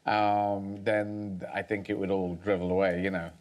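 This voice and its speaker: A man's voice: sits low, little pitch movement, unhurried. A man as a guest on a talk show, speaking thoughtfully, rambling, with many restarts.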